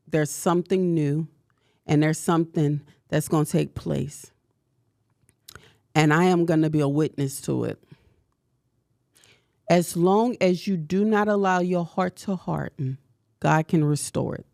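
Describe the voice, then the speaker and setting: A woman's voice: fairly low pitch, gravelly, a little mellow, no room sound, clean studio sound. Impassioned preacher-like woman podcast host. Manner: preacher-like, repetitive and confessional. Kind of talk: impassioned motivational talk.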